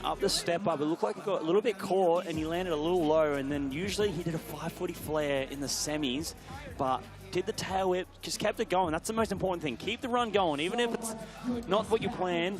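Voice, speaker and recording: A man giving live BMX commentary, excitable, often shouting and gasping at big tricks. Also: high voice.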